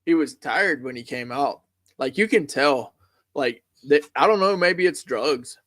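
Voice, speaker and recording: A man's voice: a little high, expressive, measured pace, fairly bright tone, no room sound, studio quality. A man casually chatting as a stream co-host, musing about what he sees. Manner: easygoing, speculative chatter. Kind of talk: casual chat.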